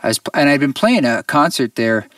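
A man, a musician guest on an interview show, tells a personal story in an earnest, reflective way with halting restarts. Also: medium pitch, big pitch swings, fairly bright tone, dry recording, recorded from a distance.

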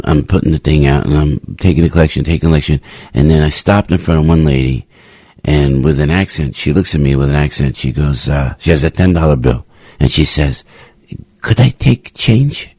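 An older man hosting a radio talk show, telling anecdotes in an emphatic, repetitive, rambling way with sudden swings in pitch. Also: a little mellow, breathy edge, no echo, studio quality. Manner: emphatic, repetitive, restarts often. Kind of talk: rambling opinion monologue with anecdotes.

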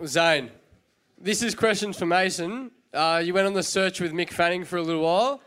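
A man in the audience asks a question in a slightly high voice. He speaks plainly and halts a little. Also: moderate pace, a bit bright. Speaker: audience member asking a question.

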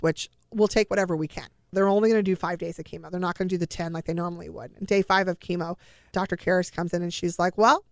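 A woman's voice: on the low side, dry recording, studio quality. A middle-aged woman telling her own family story in a personal, emotional way, acting out the dialogue she quotes.

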